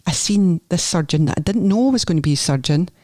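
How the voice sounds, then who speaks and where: A woman's voice: on the low side, expressive, brisk, dark tone, no room sound. Scottish woman, middle aged, podcast guest, chatty storyteller, dry close sound. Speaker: podcast guest, nurse therapist. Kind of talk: candid podcast conversation.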